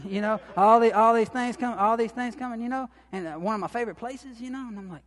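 A man's voice: sits high, fast. A man preaching a sermon in a folksy, repetitive way, building to emphatic bursts. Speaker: lay preacher. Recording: long reverb of a hall.

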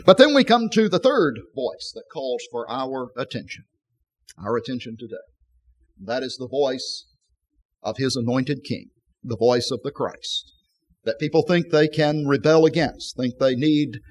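A man's voice: mid-range voice, lively intonation, measured pace. Man preaching a sermon on scripture. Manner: expository preaching, reading scripture aloud with emphasis.

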